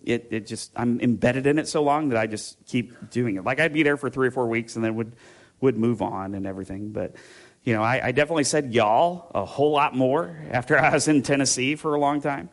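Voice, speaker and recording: A man preaching in a relaxed, conversational way, his voice middle in pitch with a gravelly edge. He wanders through personal anecdotes with fillers and self-corrections, then settles into reading scripture. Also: fairly quick. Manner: casual, rambling storytelling with fillers and self-interruptions. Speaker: pastor. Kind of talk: conversational sermon with personal stories.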